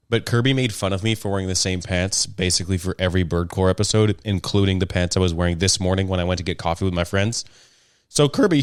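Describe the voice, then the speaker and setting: Low-voiced rambling jokey young man. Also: smooth, no echo, clean studio sound. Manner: rambling, jokey and self-deprecating. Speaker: podcast host. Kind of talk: casual solo podcast chat.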